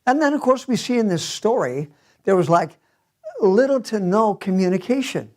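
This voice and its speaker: Lively, animated male pastor preaching. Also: high-pitched, normal speed. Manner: animated storytelling with chuckles. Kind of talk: sermon. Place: church.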